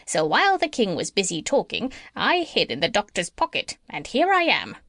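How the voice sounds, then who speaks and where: A woman's voice: medium pitch, huge pitch swings, moderate pace, a bit bright, no room sound, studio quality, full character voice. A woman voicing a clever, self-assured female parrot in a storybook reading. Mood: explaining. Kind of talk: storybook narration.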